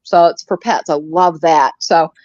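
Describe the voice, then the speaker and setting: A woman's voice: low voice, fairly even intonation, unhurried, darkish tone, no echo. A woman chatting casually on a live stream, rambling through stories and swearing freely. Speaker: live commentary co-host. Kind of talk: casual chat. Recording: dry, slightly dull lo-fi audio.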